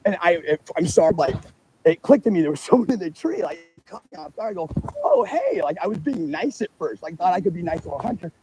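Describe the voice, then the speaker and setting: Walking his rural property with a handheld phone, a property owner livestreams a heated public statement over loud outdoor noise, and the audio is poor. His high voice races along with lively intonation as he rambles, swears, and often restarts.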